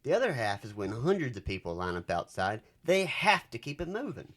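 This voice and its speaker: A man's voice: medium pitch, very animated, fairly quick, a bit bright. A man doing a preachy Southern haunt fan. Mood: emphatic. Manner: emphatic, lecturing. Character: opinionated male haunt fan reviewer.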